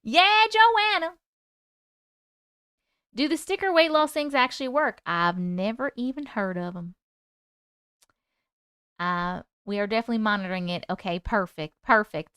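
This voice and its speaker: A woman hosts a casual live stream in a bright, high, clear voice, thanking viewers and reading their comments out loud. Her chatty delivery is recorded close and dry, with no room sound. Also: measured pace, pauses often, no room sound. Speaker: host reading chat on a livestream.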